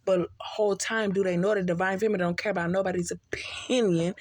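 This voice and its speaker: A woman's voice: medium pitch, fairly even intonation, brisk, no room sound. Woman, tipsy, casual spiritual reading, blunt, cussing, slangy. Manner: blunt, profane, streetwise slang. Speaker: tarot reader.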